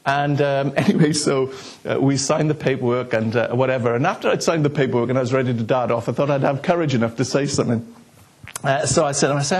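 A middle-aged man, a pastor, telling a story in a sermon and acting out the dialogue with animated, comic excitement. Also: medium pitch, a little fast, breathy edge.

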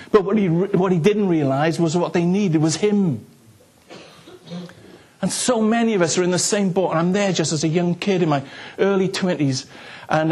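A middle-aged man, a pastor, telling a story in a sermon and acting out the dialogue with animated, comic excitement. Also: high voice, slightly rough.

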